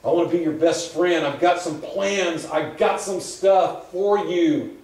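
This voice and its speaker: A man voicing God as a gentle male divine figure who keeps pleading and coaxing. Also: high-pitched, lively intonation, a little slow. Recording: echoey hall from far off.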